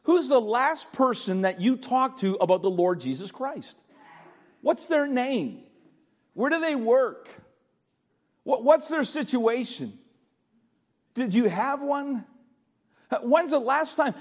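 High-voiced older man preaching. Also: big pitch swings, slow, long pauses, darkish tone. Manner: pleading, repeats phrases and stammers on restarts. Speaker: pastor. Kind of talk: sermon.

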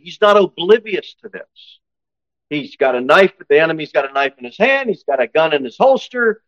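Fiery preacher man, dull dry recording. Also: dry recording. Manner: swings from loud exhortation to low, intense asides; reads scripture aloud, slowing for emphasis. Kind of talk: sermon.

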